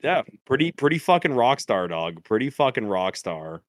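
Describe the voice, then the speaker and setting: A man's voice: mid-range voice, sing-song, normal speed, no echo. A man in his natural middle register spins a rambling anecdote, swearing freely and breaking into laughter. The sound is dead dry and right up on the mic, with no room around it. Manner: loose, profane, laughs through his stories. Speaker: podcast co-host. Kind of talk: casual storytelling chat. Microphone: podcast microphone.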